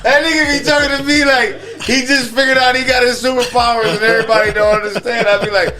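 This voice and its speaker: A man's voice: very high-pitched, level tone, quick pace, crowd noise. A man talking as a podcast guest, ranting profanely and laughing in casual chat.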